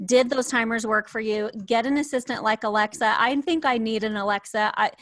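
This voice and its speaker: A woman's voice: fairly high pitch, fairly even intonation, fairly quick, a bit bright, no room sound. A woman hosting a podcast panel, upbeat as she recaps points and passes to the next guest. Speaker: host.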